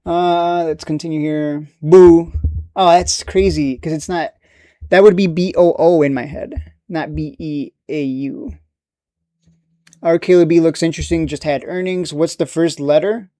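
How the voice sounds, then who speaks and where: A man's voice: on the high side, steady tone, mellow. Rambling male stock streamer. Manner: rambling, quick to laugh and get annoyed. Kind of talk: casual live-stream chat.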